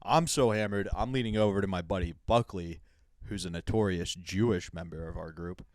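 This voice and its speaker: A man's voice: low voice, fairly quick, a little mellow, dry recording, clean studio sound. A man co-hosting a casual comedy podcast, reacting with big laughs and telling rambling stories. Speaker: podcast co-host.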